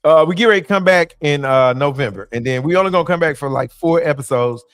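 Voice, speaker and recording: A man's voice: a little high, fast talker, fairly bright tone, clear, resonant tone, dry recording. Laid-back joking man, dry sound. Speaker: comedian guest. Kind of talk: casual podcast chat.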